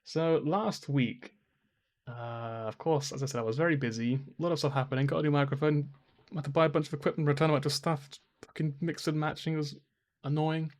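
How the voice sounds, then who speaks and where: A man chatting on a game stream in a fairly high voice, talking straight into a dynamic microphone. He rambles from one thought to the next and swears freely. He laughs his way through his own stories. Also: fairly even intonation, a little fast. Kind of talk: casual stream chat.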